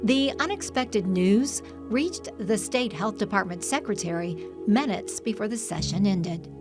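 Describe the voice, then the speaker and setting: A woman with an American accent narrating a news report in a measured, clear way. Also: mid-range voice, lively intonation, music in the background.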